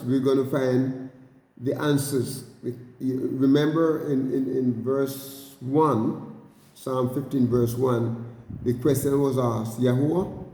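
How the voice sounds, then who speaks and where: A man teaching a bible study, speaking haltingly with many repeated words and addressing his listeners as brothers and sisters. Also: mid-range voice, mellow. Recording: roomy hall with long reverb.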